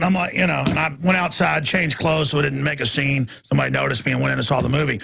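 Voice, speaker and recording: Gravelly ranting talk show host. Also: male voice, on the high side, level tone, racing, few pauses, a little hiss or hum. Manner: angry, shouting in bursts, then weary and apologetic. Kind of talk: ranting monologue.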